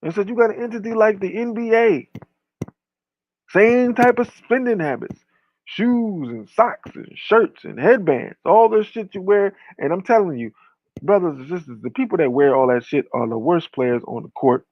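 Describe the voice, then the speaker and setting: A man's voice: high voice, lively intonation, moderate pace, dry recording, muffled recording. A man giving a casual rant, blunt and profane, piling up long lists.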